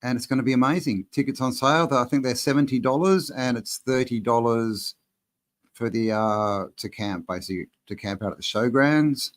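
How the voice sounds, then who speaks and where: A man hosting a live-stream Q&A, talking in a relaxed, rambling way and reading out viewers' chat messages. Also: mid-range voice, moderate pace. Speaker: channel host answering live chat.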